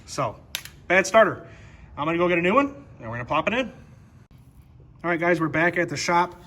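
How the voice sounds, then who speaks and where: A man's voice: on the high side, expressive, brisk, bright, forceful tone, a little hiss or hum. A man chatting casually and upbeat as he explains car repairs in his workshop. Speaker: shop vlogger. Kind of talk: casual how-to vlog. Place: workshop garage.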